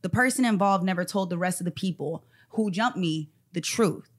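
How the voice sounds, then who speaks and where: A woman's voice: lowish voice, normal speed. A woman co-hosting a casual talk show, candid and emphatic as she tells her own story. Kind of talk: casual podcast chat.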